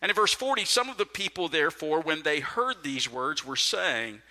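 A middle-aged man preaching a sermon in a church auditorium, with an emphatic, animated delivery that swings to sudden quiet drops. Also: fairly high pitch, normal speed. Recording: long reverb of a large hall.

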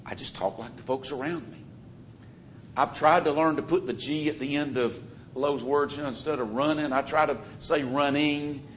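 A man's voice: medium pitch, normal speed, a little hiss or hum. A man with a Southern US accent, preaching an earnest, emphatic sermon and teaching from scripture. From American South. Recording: dull, lo-fi sermon recording.

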